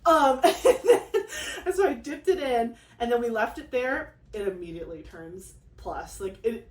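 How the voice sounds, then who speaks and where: A young woman hosting a casual vlog, telling a story in an excitable, rambling way with lots of fillers and acted-out quotes. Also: a little high, moderate pace. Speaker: craft channel host. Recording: echoey room.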